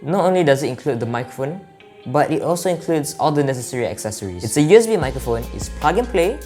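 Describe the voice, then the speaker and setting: A man's voice: a little high, very animated, fast, dark tone, soft background music. A man giving a casual product review, explaining things in a chatty way and addressing viewers as you guys, recorded close on a studio microphone. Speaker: tech reviewer.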